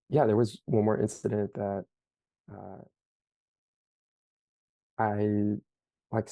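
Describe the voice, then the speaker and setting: A young man giving halting, emotional personal testimony as an interview guest, full of fillers. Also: fairly low pitch, creaky, mellow, dry recording.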